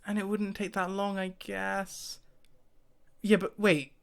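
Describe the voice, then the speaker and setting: A man in casual to-camera commentary, thinking aloud and hesitating often, breaking into short laughs. His voice sits a little high for a man and sounds smooth and clear. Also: little pitch movement, slow. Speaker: YouTuber.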